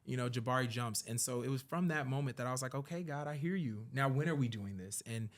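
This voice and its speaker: A man in casual conversation as a podcast guest, telling a story in an earnest tone and acting out conversations with big jumps in pitch and loudness. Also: fast talker. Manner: earnest and reflective when talking about his work and faith.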